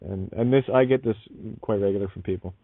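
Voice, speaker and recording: A man's voice: on the low side, quick pace, no room sound. Blunt, profane male radio host on a phone line. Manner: frequent laughs and restarts. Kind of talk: internet radio monologue. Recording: tinny phone-like sound, dry.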